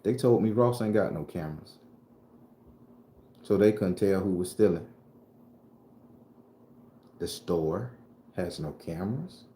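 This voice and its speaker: Deep-voiced man telling a story. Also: slow, pauses often, echoey room, slight background noise. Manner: animated, profane, swings from calm to loud. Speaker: vlogger and tarot reader. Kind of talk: casual storytelling.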